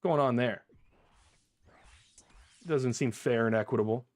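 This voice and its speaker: A man's voice: mid-range voice, unhurried, no room sound. A man streaming a video game, chatting with viewers as he plays, now and then laughing in mock frustration. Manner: chatty, talks to chat, bursts of laughing frustration. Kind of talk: live gameplay commentary.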